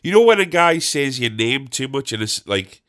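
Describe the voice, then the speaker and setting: A man's voice: mid-range voice, sing-song, moderate pace, fairly bright tone, clear, resonant tone. A young man rambling through a comic story, self-mocking and swearing often. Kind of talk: casual comic anecdote.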